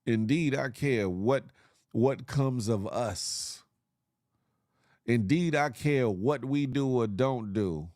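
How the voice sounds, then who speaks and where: A man's voice: medium pitch, takes it slowly, darkish tone, no echo, clean studio sound. A man hosting a casual morning livestream show, giving a repetitive, motivational rant full of slang and laughter.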